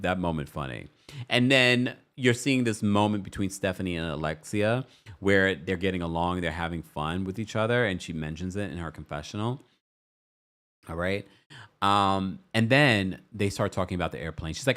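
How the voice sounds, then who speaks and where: A young man hosting a casual show recap, sassy and animated, who jumps into a high voice when he quotes people. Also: normal speed. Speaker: recap host.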